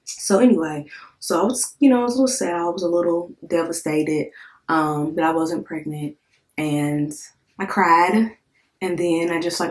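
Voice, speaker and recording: Woman, 30s, low voice, casual vlog storytelling, candid, emotional, chatty with fillers. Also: fairly even intonation, moderate pace. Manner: emotional, candid, swears in quoted thoughts; conversational with many fillers and repeats. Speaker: vlogger.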